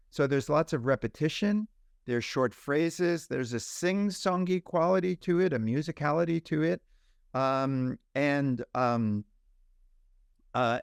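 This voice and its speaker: A man who is a pediatrician, a guest on a podcast interview, explaining ideas in an animated way with examples. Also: a little high, no echo, studio quality.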